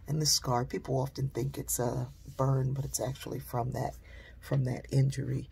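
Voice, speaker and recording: A woman telling a personal story in a conversational way, dropping into a hush when she quotes people. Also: very deep voice, flat delivery, normal speed, gravelly, slight background noise.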